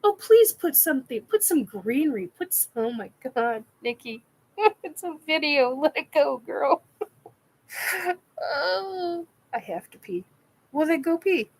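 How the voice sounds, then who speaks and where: A woman's voice: high-pitched, animated, normal speed, a little mellow. A woman hosting a casual live chat, giddy, laughing often and swearing while she answers comments. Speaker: live stream host. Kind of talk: casual live chat reacting to a painting video.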